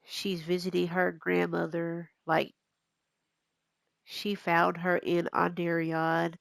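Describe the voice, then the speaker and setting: Slow, gravelly-voiced stuffy woman gamer. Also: fairly low pitch, no echo. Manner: rambling, relaxed, with fillers. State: stuffy nose. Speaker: gaming YouTuber. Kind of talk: casual gameplay commentary.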